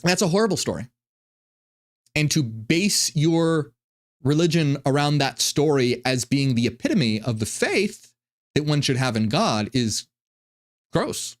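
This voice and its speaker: A man hosting a casual reaction commentary, talking in an animated, profane way and often restarting his sentences. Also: fairly high pitch, measured pace, long pauses. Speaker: commentary host.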